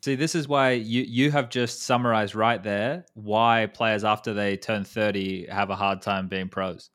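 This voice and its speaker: A man's voice: lowish voice, steady tone, measured pace, fairly bright tone, clear, resonant tone. A man in his thirties hosting a casual esports chat, rambling, swearing casually and restarting his sentences. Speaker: podcast host.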